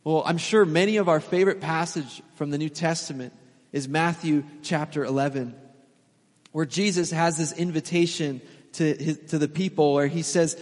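A man's voice: fairly high pitch, normal speed. Chatty male pastor in a reverberant hall. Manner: conversational storytelling with laughs and fillers. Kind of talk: sermon. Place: church sanctuary.

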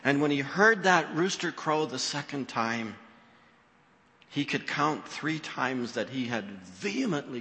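Bright-voiced pastor preaching in a reverberant hall. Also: male voice, mid-range voice, unhurried, vocal fry. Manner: expressive storytelling, acting out quoted voices. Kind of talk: sermon.

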